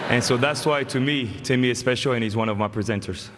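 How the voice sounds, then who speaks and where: A man's voice: mid-range voice, fast, few pauses, noisy background. French-accented man in his forties, acceptance speech, playful storyteller, long hall reverb, faint ambience. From France. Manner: joking, storytelling. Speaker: honoree giving an induction speech. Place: large hall.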